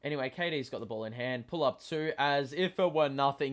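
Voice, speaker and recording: A man hosting a live basketball watchalong, talking casually with many fillers and sudden excited outbursts. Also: mid-range voice, brisk, few pauses. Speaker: host.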